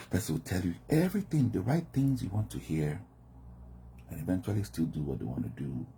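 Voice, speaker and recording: A man's voice: deep voice, big pitch swings, normal speed, vocal fry, slight background noise. A man from Nigeria giving a reflective monologue about communication styles, often acting out quoted voices. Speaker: commentator.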